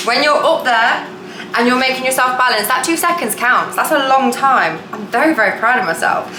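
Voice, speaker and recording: A manifestation coach talks bluntly and casually, swearing now and then, while cooking dinner in her home kitchen for a vlog. Her voice sits high and is expressive, pushed and bright at a normal speed, with a little hiss or hum. The kitchen is echoey and full of cooking clatter.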